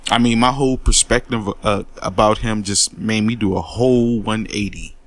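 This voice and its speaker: A man's voice: on the low side, steady tone, normal speed, no room sound. A man in a heated, profane monologue, taking on critics with repeated words and a confrontational edge. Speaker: commentary host.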